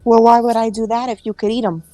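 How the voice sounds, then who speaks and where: A woman's voice: fairly high pitch, flat delivery, fast, dark tone, faint music behind. A woman at a tabletop game, teasing her friends and rambling with lots of fillers. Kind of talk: casual game table chat.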